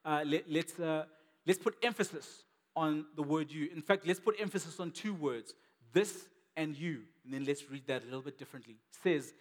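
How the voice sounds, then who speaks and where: A man's voice: on the high side, lively intonation, moderate pace, a bit bright, long reverb tail. A man preaching a sermon as a pastor, conversational and emphatic, repeating key words for weight.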